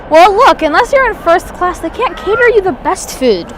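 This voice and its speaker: A woman's voice: extremely high pitch, animated, unhurried, slight background noise. A woman outdoors at an airport giving chatty, enthusiastic live plane-spotting commentary, rambling with restarts.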